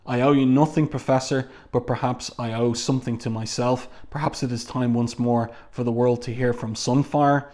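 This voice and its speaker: A man's voice: medium pitch, fairly even intonation, moderate pace, hardly any pauses, a little mellow, close to an everyday voice. A man reading out the lines of an arrogant, proud male hero.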